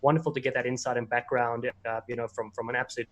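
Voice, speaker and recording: Fast-talking American male guest. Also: mid-range voice, level tone, fairly bright tone. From United States. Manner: friendly, anecdotal. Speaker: guest, rugby commentator. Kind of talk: casual interview chat.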